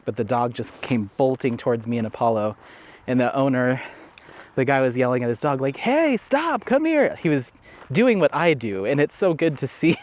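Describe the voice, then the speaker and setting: Man, vlogger, rambling casual chat on a walk outdoors, filler-heavy, handheld camera. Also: medium pitch. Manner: chatty, rambling with many fillers. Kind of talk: casual walking vlog. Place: outdoors at a dog park.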